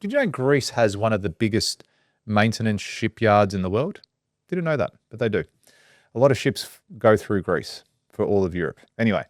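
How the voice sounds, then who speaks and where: Animated, sweary Aussie man telling stories. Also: fairly low pitch, moderate pace, dry recording, clean studio sound. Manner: animated storyteller, swears freely, acts out quotes. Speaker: podcast host. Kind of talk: casual chat.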